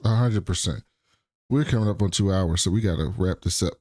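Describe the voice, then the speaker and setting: Un hombre que co-presenta un pódcast y resume las escenas de un episodio en charla informal, con palabrotas. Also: male voice, deep voice, brisk, darkish tone, no room sound, clean studio sound. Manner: retelling scenes, swearing. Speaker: podcast co-host. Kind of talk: casual recap chat.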